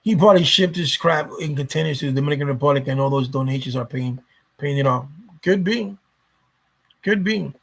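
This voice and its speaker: A man rambling through a casual vlog, swearing often and doubling back on his words. His voice sits a little high for a man, with a gravelly fry and a raspy, husky edge. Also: fairly quick. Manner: rambling, profane, repeats himself. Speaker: YouTuber.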